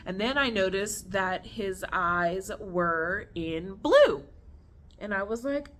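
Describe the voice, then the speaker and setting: A woman's voice: medium pitch, slow pace, noisy background. Chatty woman telling a story to viewers. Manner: animated, chatty, addresses viewers as y'all. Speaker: vlogger. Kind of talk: casual storytelling vlog. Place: at home on the floor with her snake.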